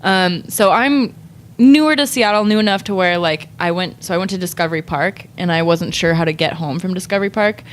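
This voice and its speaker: A woman's voice: on the low side, a little fast, slight background noise. A young woman, a guest artist on a podcast, telling a rambling story in casual chat, full of "like" and laughing often.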